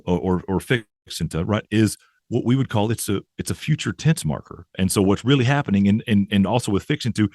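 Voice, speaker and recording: A man's voice: lowish voice, a little mellow, no room sound, clean studio sound. A man, a professor guest in an interview, explaining ideas thoughtfully with frequent restarts and "right?" tags. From American South.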